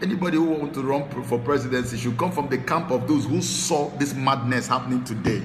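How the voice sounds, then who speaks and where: A Nigerian man hosting a talk show, giving impassioned political commentary that swings from low muttering to shouted tirades. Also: a little fast, roomy sound, long reverb tail, music in the background. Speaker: show host.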